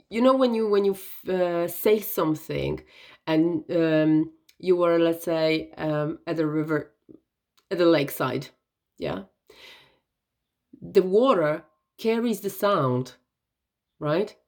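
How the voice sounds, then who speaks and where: A woman giving an earnest, gentle self-help talk, often checking in with "right?" and "okay?". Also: low voice. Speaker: wellness vlogger.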